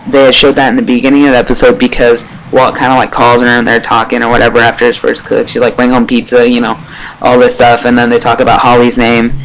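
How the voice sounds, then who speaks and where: Man, casual show review, rambling, excitable, filler-heavy, swears casually, mid-pitched voice, faint background noise. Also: poor audio. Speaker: TV episode reviewer.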